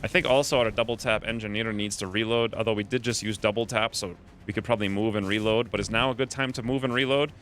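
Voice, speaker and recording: A man's voice: lowish voice, fairly even intonation, fast talker, few pauses, fairly bright tone, faint music behind. A man giving playful live commentary while streaming a game, coining silly nicknames as he plans each move.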